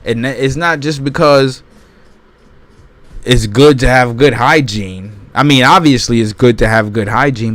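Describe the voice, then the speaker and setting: A man's voice: mid-range voice, moderate pace, a bit bright. Emphatic man reading aloud and commenting. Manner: emphatic, repeats points, keeps asking "right?". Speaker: channel host.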